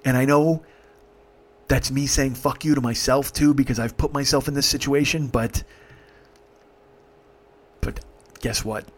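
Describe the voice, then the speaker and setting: A man's voice: mid-range voice, fairly even intonation, a little slow, long pauses. Middle-aged male host, emphatic profane storyteller, mid-range voice. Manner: emphatic, heavy swearing, vivid retelling.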